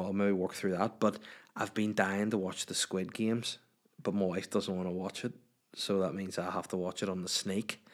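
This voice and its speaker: A man with a Northern Irish accent hosting a casual solo podcast from a room at home. He answers listener questions in a sweary, self-mocking, rambling way. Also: low voice. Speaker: podcast host.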